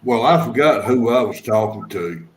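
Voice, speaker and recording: A man's voice: medium pitch, animated, moderate pace, a little hiss or hum. A man chatting casually on a livestream, joking and teasing in a folksy way. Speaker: livestream guest. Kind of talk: casual chat.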